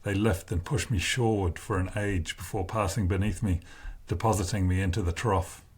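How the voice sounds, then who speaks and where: A man with a husky voice reading a first-person novel aloud in a slow, deliberate way. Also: deep voice, fairly even intonation, a little mellow. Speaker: narrator.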